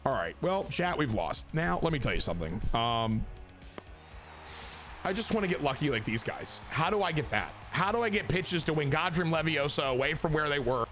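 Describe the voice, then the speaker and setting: A young man talks to his chat while playing a baseball video game, his voice sitting a little high and jumping between crude joking rants and bursts of hype. He sounds like a casual streamer, and faint music plays underneath him. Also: expressive, normal speed, fairly bright tone. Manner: crude, self-mocking humor. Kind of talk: casual gameplay commentary to chat.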